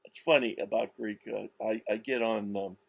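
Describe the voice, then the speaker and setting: A man giving a slow, insistent religious monologue, with many restarts and stressed words. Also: lowish voice, fairly even intonation, vocal fry, breathy edge, no room sound. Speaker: religious commentator. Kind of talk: self-recorded religious monologue.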